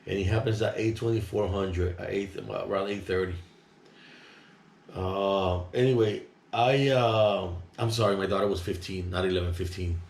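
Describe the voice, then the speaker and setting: Indignant low-voiced man, rambling. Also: fairly even intonation, normal speed. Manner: rambling, indignant, talks loud. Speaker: vlogger. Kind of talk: casual monologue, recounting an incident. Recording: roomy echo.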